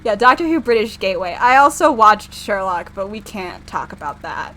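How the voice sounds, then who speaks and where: A woman's voice: medium pitch, very animated, moderate pace, hardly any pauses, pushed and bright, a little hiss or hum. A young woman streamer chatting casually over gameplay, rambling and self-deprecating.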